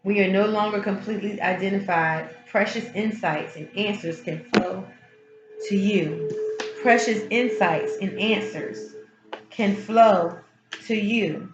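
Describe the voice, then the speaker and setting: A woman's voice: medium pitch, takes it slowly. Emphatic woman reading tarot cards. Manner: emphatic, frank, repeats key phrases, mild swearing. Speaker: tarot reader. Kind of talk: casual spiritual tarot reading. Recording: roomy, slightly dull sound with music behind. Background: background music.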